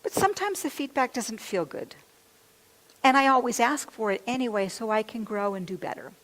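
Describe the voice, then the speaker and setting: Fairly high-pitched, a bit bright, and animated, a woman minister delivers a sermon at normal speed amid long hall reverb. She tells a candid, confessional story about herself, voicing her own inner thoughts.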